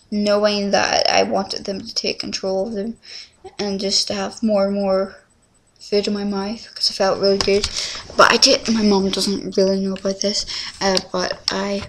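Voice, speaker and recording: A woman's voice: medium pitch, gravelly, fairly bright tone. A teenage girl, rambling through a casual confessional vlog at home, full of fillers and restarts. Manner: rambling, scattered, many fillers. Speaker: vlogger.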